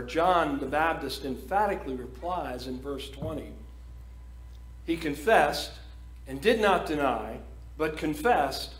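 A man preaching a sermon as pastor, reading scripture and stressing points emphatically. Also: a little high. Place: church sanctuary. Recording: echoey church room.

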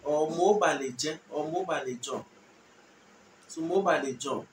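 A man giving a casual language lesson, repeating short phrases slowly so learners can follow. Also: on the high side. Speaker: language teacher. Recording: echoey room, distant mic, faint noise.

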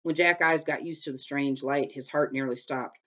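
A woman teacher reading a children's chapter book aloud in a steady, careful way, with small slips. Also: extremely low pitch, normal speed. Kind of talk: storybook read-aloud.

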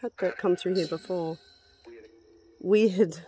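A woman paranormal investigator outdoors in a cemetery, slowly calling out the words she hears in a sensory deprivation session, often exclaiming in surprise. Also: on the low side, mellow, faint music behind. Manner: slow, halting, exclaims in surprise.

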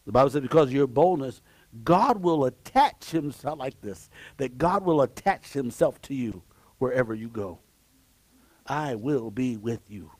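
A man preaching a sermon as pastor, emphatic and swinging between shouts and low asides, repeating key phrases and exclaiming praise. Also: animated, measured pace, no echo. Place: church sanctuary.

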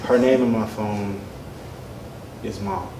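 A man voicing a cheating husband who dodges and stammers and pleads for calm. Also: lowish voice, slow, recorded from a distance. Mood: cornered. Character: cheating husband, evasive and smooth-talking. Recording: echoey room, off-mic, noisy.

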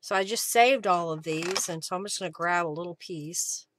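A woman talking her way through a crafting live stream at home, thinking aloud between steps. Her voice is bright and forward, with an easy, chatty flow. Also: fairly low pitch, moderate pace, a little hiss or hum.

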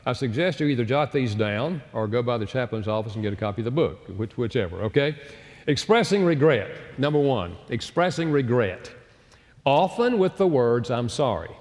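Guy giving a chapel talk, super animated voice, lots of hall echo, acts out voices in his stories. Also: medium pitch. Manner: storytelling, acts out quoted voices. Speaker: speaker. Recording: roomy hall reverb.

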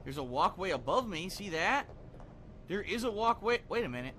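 Guy playing a game and cursing at it, kinda high voice, super bright. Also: sing-song, normal speed, a little hiss or hum. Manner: frustrated muttering with frequent swearing. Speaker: let's play gamer. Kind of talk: live gameplay commentary.

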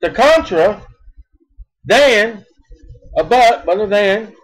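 A man preaching a sermon in an emphatic style, repeating words and swinging between loud bursts and soft asides. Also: high voice, expressive, slow, rough recording.

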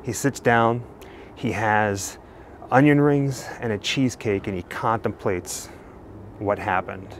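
A man hosting a true crime show, telling the story in a steady narrative style while walking outdoors on a residential street. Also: lowish voice, takes it slowly, slight background noise. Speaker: true crime channel host.

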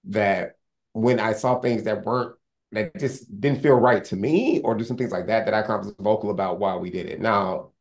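Man, low pitch, gravelly, quick pace, earnest, rambling, interview guest. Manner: earnest, rambling with many restarts and fillers. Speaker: sports lawyer, interview guest. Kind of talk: candid conversational interview.

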